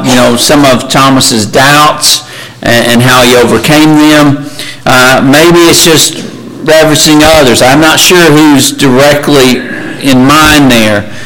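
A man's voice: fairly high pitch, pushed and bright, poor audio. A man preaching a sermon in a conversational way, reading scripture aloud with frequent restarts.

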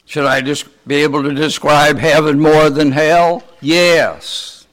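A man preaching a sermon, asking his listeners many rhetorical questions in a slow, deliberate way. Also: a little high, flat delivery, a bit bright.

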